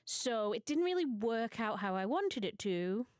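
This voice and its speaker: A young woman from Britain telling absurd mock confessions to her stream audience in a deadpan, mock-serious way. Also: a little high, unhurried, smooth, no room sound. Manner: mock-serious storytelling, dry absurd humor. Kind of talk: deadpan comedic monologue.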